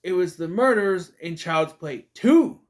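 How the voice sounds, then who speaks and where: A man's voice: high voice, expressive, unhurried. A young man giving a casual, rambling spoken review of a TV episode, exasperated, swearing now and then and often restarting his sentences.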